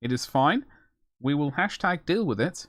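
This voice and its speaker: Slightly high and animated, this young man's voice moves at a normal speed with a touch of brightness, recorded dry in a clean studio. He's live streaming while painting miniatures, joking around and rambling with self-deprecating asides.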